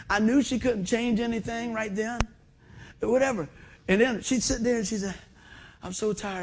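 A man preaching a sermon in a folksy storytelling manner, swinging from loud bursts to quiet asides. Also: high-pitched, moderate pace, slight background noise. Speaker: pastor.

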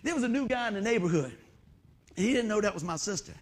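A middle-aged man preaching a sermon to a congregation in a church, telling folksy stories and swinging between soft asides and loud bursts. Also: high-pitched, lively intonation, fast. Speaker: pastor.

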